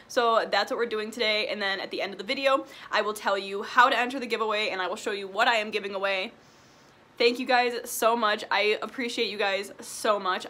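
Bright, chatty young woman vlogger. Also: a little high. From Wilmington, Illinois, USA. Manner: chatty, upbeat, rambling. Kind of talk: casual chat while eating. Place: at home, indoors.

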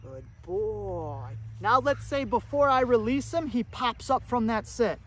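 Very high-voiced upbeat male dog trainer. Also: normal speed, a bit bright, a little hiss or hum. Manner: upbeat, coaching, praises the dog. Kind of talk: casual training tutorial.

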